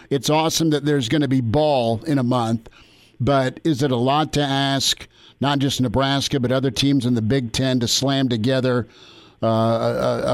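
A man's voice: mid-range voice, dry recording. Man, sports radio host, upbeat and chatty, dry close-mic sound. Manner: upbeat, chatty, reads ad copy.

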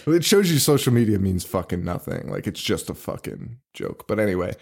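A low-voiced man with vocal fry and a slightly mellow tone co-hosts a casual horror podcast, his pitch swinging widely at a normal speed. He talks loosely and profanely, swearing often and rambling with frequent restarts.

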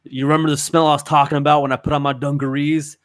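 A man telling a rambling comedy story in a gruff, ungrammatical, slangy way. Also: a little high, level tone, fast, dry recording, studio quality.

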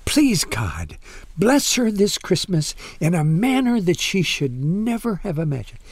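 An earnest, kind-hearted pastor, voiced by a male narrator. His voice is slightly breathy and slow. His pitch moves in a lively way. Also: no room sound, full character voice. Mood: prayerful. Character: kindly middle-aged male pastor, earnest.

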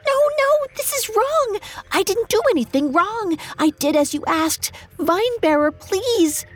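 A woman voicing a frightened young woman turned into a bat, squeaky and pleading in a storybook tale. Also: expressive, unhurried.

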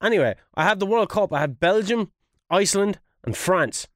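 An Irish man chatting casually on a podcast, his voice sitting a touch higher than most men's. He swears freely and leans hard on every "th", pronouncing it with exaggerated care. The recording is close and dry, with no room sound. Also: expressive, normal speed, fairly bright tone, no room sound. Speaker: podcast co-host. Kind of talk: casual chat about a football management game.

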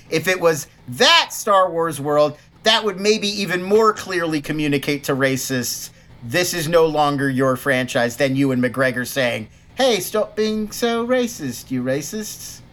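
Male podcast co-host, slightly high and bright voice, animated casual talk. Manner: animated, restarts sentences often. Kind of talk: casual chat.

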